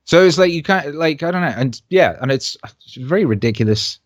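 A man from Wales, a musician guest, telling animated stories in a casual interview and quoting people along the way. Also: on the high side, a little fast, no echo, studio quality. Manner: animated anecdotes with quoted voices.

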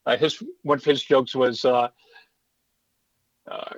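A man's voice: medium pitch, flat delivery, slow, poor audio. A middle-aged man, a stand-up comedy teacher, telling stories in a chatty, rambling, self-assured way during a casual interview.

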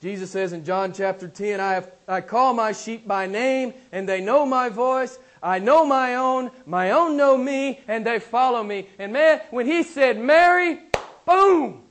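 Delivering a sermon to a small flock, this male pastor alternates booming high outbursts with quiet, low stretches, repeating phrases and posing rhetorical questions. He keeps a measured pace with hardly any pauses.

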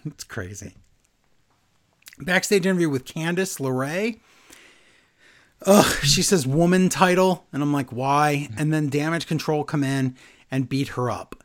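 Recapping wrestling on a podcast he co-hosts, a man animatedly plays out quotes in silly voices during a casual chat. His voice is on the high side, unhurried, with long pauses.

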